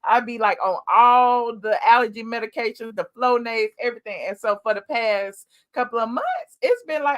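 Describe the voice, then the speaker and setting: Slightly hoarse woman host. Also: fairly high pitch, expressive, moderate pace, hardly any pauses, a bit bright. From Atlanta. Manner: chatty, talks straight to viewers. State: a little hoarse. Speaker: livestream gossip host. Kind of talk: casual livestream chat. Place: home office. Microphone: USB desk mic.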